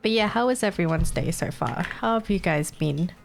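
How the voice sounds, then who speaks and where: A woman's voice: on the low side, animated, moderate pace, creaky, faint music behind. A young woman streaming live, chatting casually and swearing as she fixes her setup, sounding a little congested.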